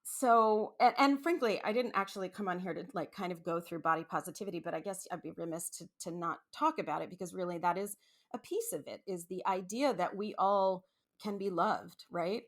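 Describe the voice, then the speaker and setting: A woman hosting a podcast, talking casually in a rambling, animated way with many asides and restarts. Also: lowish voice, fairly quick. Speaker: podcast host. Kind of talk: casual solo podcast monologue.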